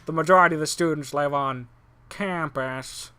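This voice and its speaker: A man's voice: on the high side, normal speed, pushed and bright, smooth, voice pushed down. A man reading a pompous male doctor from a visual novel in a hammy, mock-formal voice. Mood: mock-serious. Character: pompous male doctor who blurts nonsense.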